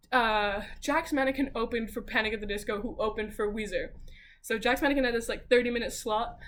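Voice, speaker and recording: A woman's voice: a little high, slight background noise. A young woman chatting casually to camera as a vlogger, gushing and bubbly with lots of fillers. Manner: gushing, bubbly, lots of likes and ums, giggly.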